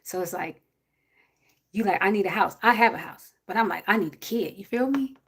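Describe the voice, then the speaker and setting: A woman's voice: medium pitch, a little fast, fairly bright tone, breathy edge. A woman, giving blunt, preachy advice to a viewer on a casual livestream. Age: 40s.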